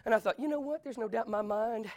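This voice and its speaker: High-voiced preaching man. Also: quick pace, no echo. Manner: animated preaching with storytelling and sudden shouts. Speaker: pastor. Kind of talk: sermon.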